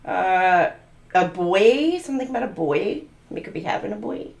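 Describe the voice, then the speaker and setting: A woman's voice: medium pitch, expressive, normal speed, creaky, darkish tone, roomy sound. A woman doing a channeled tarot reading, musing aloud and free-associating letters, numbers and words. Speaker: tarot reader.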